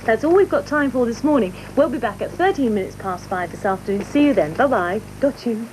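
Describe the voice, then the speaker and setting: Brief: female children's TV presenter, playful, giggly, animated and fairly high, old broadcast audio with light hiss. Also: a little fast. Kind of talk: children's TV birthday announcements. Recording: archive TV audio with faint noise.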